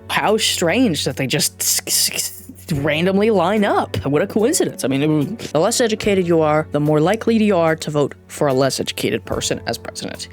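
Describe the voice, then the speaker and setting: A woman vlogger giving an unscripted, sarcastic and profane political rant to camera, blunt and heated. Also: low-pitched. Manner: blunt, heated, lively delivery.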